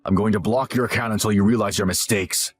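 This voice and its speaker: A man's voice: fairly low pitch, steady tone, fast talker, faint music behind, close to an everyday voice. A man voicing a selfish, arrogant young husband who scolds and talks down to his wife. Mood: condescending. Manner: condescending, whiny and scolding. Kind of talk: scripted story narration.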